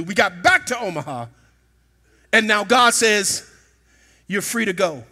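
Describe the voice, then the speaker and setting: A middle-aged man preaching a sermon in a church, telling a personal story and rising to shouts at its peaks. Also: sits high, expressive, unhurried. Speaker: pastor. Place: church sanctuary.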